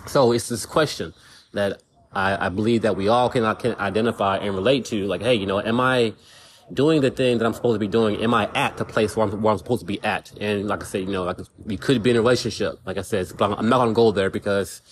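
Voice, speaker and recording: A man's voice: fairly low pitch, steady tone, fast, a little hiss or hum. A man hosting a casual solo podcast, rambling and repeating words as he talks things through. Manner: rambling, repeats words, says "you know what I'm saying". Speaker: podcast host.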